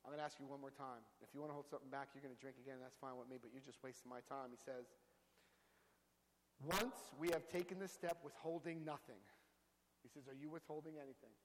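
A man speaking to a recovery group, telling his own story with lively acted-out quotes. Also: medium pitch, fast talker, big-room sound, poor audio. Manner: storytelling, acts out quotes with big voice jumps. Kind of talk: animated personal talk to a group.

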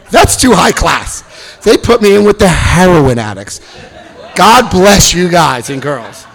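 Man, middle-aged, comic storytelling, bit higher pitched, animated delivery. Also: normal speed. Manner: animated, bursts into loud acted-out quotes. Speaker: speaker sharing his recovery story.

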